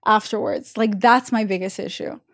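A woman's voice: mid-range voice, steady tone, moderate pace, no room sound, clean studio sound. A young woman with an Israeli accent hosting a podcast, telling rambling, self-mocking confessions in a candid way. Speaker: podcast host. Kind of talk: candid casual chat.

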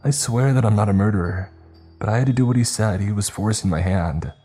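Man doing a scared young guy, whining and begging, higher than his own deep voice, husky edge, faint music behind. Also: a little fast, dark tone. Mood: pleading. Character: frightened young man, pleading and desperate.

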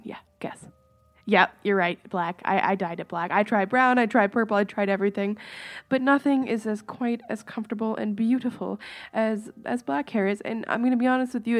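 A young woman from Canada rambling through a casual solo podcast. Her voice sits a little high, and she jokes, giggles and keeps apologizing as she goes. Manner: chatty, giggly, joking, apologetic asides. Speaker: podcast host.

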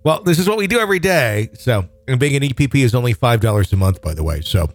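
A man's voice: medium pitch, very animated, fast, dry recording. A man hosting a call-in show, chatting casually and rambling with many fillers. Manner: easygoing, filler-heavy rambling. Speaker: podcast host. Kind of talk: casual chat.

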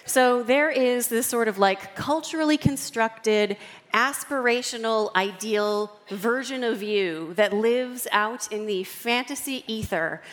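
Animated woman speaking in a reverberant hall. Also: a little high, slow. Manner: expressive, acts out quoted voices. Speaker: author and guest speaker. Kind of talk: animated talk to a live audience.

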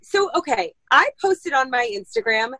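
A woman chatting casually on a podcast as a mom, telling rambling, animated stories with casual cursing. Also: high voice, moderate pace, no echo, low-quality recording. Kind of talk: casual chat.

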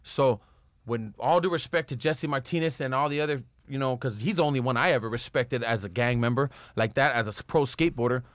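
A man's voice: medium pitch, a little fast, dry recording. A man from Los Angeles, a pro skateboarder guest, telling a story in casual, profane street slang.

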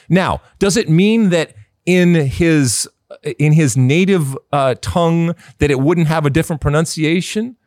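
A middle-aged man hosts a sports podcast in a casual, opinionated way, pushing his points with emphasis. His pitch swings widely as he argues, and the sound is dry and close. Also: lively intonation, moderate pace, a little mellow, no room sound. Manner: emphatic, opinionated, with many fillers. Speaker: podcast host.

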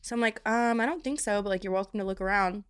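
A woman's voice: mid-range voice, fast talker, smooth, dry recording, clean studio sound. A young woman co-hosting a podcast, chatting casually in a self-mocking way with frequent restarts. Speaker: podcast co-host. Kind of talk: casual chat.

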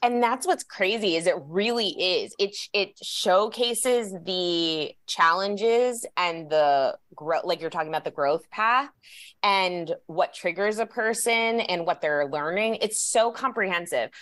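A woman's voice: fairly low pitch, a little slow, fairly bright tone. A woman hosting a podcast in casual chat, talking with enthusiasm and lots of fillers. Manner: chatty, enthusiastic, many fillers. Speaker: podcast host.

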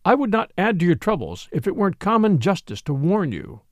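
A man voicing a quiet little priest detective. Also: high-pitched, fairly quick, no room sound, clean studio sound. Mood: calm, grave. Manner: quiet, calm and precise. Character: little mild-mannered male priest detective.

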